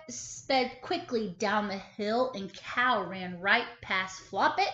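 A woman kindergarten teacher reading a picture book aloud, expressive and stopping to ask the children questions. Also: mid-range voice, slow. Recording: echoey room, slightly dull sound.

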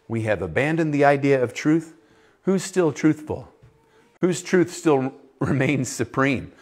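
A man preaching a sermon to a youth group. He talks emphatically, asks his listeners questions, and swings from loud declarations to hushed lines. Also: medium pitch.

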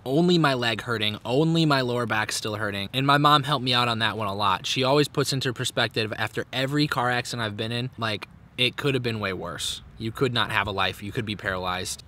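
A man's voice: medium pitch, a little fast, sharp tone. A man in his twenties, vlogging outdoors in a park and talking candidly and profanely in a casual reflective monologue. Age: 20s.

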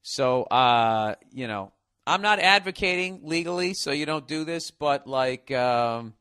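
A man with a Boston accent, a podcast host ranting in comedic, profane bursts, now and then laughing loudly. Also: medium pitch, animated, measured pace, clean tone, no room sound, studio quality.

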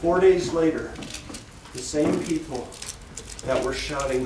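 Man, children's Sunday school teacher, animated storytelling, slow, echoey classroom, distant mic, faint hiss. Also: on the high side. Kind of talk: Bible story lesson for children. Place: church classroom.

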